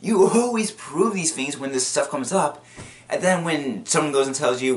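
A man's voice: fairly high pitch, normal speed. Rambling man recapping a cartoon. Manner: rambling, repetitive, many restarts; animated, bursts into acted quotes. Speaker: video commentator. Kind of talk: casual cartoon commentary.

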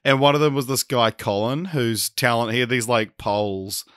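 Hoarse-voiced guy co-hosting a podcast, laughy storyteller, dry close sound. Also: mid-range voice, moderate pace, a bit bright, no echo. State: hoarse from yelling the night before. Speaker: podcast co-host. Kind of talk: casual podcast chat.

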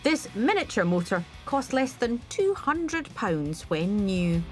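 A woman's voice: mid-range voice, very animated, takes it slowly, over music. A woman with a Glaswegian accent reading a light, wry scripted voice-over. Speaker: TV presenter.

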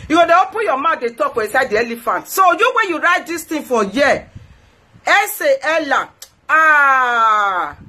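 On her own show, a female host with a Nigerian Pidgin accent delivers an indignant ranting monologue to her followers, scolding someone and repeating phrases for emphasis. Her voice is high-pitched, pushed and bright, with a breathy edge.

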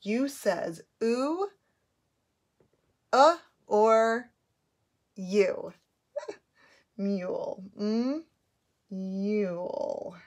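Slow, patient woman phonics teacher. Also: mid-range voice, expressive. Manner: slow, patient, sounding out letters clearly. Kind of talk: phonics lesson, repeat-after-me drills.

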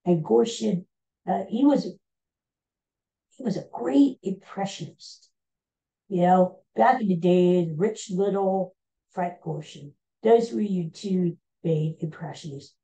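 A man's voice: high voice, takes it slowly, creaky, dark tone, poor audio. A man in his sixties hosting a podcast in casual chat, rambling and hesitant with many filler sounds. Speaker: podcast host.

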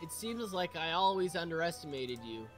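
A man's voice: a little high, big pitch swings, faint music behind. Crude, jokey young male streamer. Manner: crude, jokey, quick-witted. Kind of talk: casual game-stream banter.

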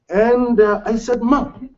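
High-voiced imam telling stories in class. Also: male voice. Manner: storytelling, jokes with the audience. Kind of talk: informal lecture to a congregation. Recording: dull lo-fi class recording.

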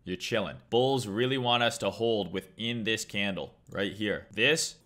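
A man's voice: fairly low pitch, measured pace, fairly bright tone. A man casually running a crypto trading live stream, breaking down charts, swearing freely and joking with chat, wired on coffee. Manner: profane, joking, reads chat aloud. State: hyped on caffeine.

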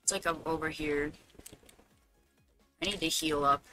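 A man streaming a game live, talking casually to his chat, fretting aloud and now and then bursting into loud dramatic cries. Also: fairly high pitch, fairly even intonation, measured pace, soft background music.

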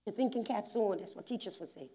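A Bermudian woman pastor preaching a sermon in a church, moving from quiet conversational stretches to loud shouts with laughing asides. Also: medium pitch, quick pace, husky. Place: church sanctuary.

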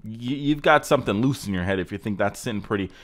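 A man's voice: on the low side, quick pace, background noise. A man hosting a casual reaction video, ranting sarcastically and swearing as he mocks car clips. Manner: sarcastic, ranting, profane roasting.

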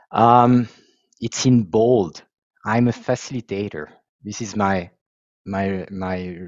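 French-accented man, low voice, dull audio. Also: a little mellow, no echo. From France. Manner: self-deprecating, hesitant restarts. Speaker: software founder and facilitator. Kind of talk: casual video-call presentation. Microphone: video call.

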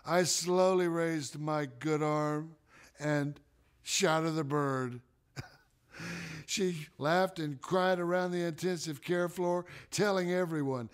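A middle-aged man performs his own life story as a theatrical spoken monologue, talking slowly and deliberately and letting dramatic pauses hang. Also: on the high side, fairly even intonation, smooth. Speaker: performer of a one-man autobiographical play.

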